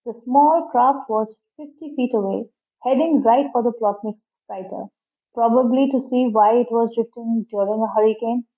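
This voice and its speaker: Woman reading a kids' detective story, lively and dramatic, kinda high voice, muffled lo-fi audio. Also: normal speed. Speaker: story reader. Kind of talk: storybook narration.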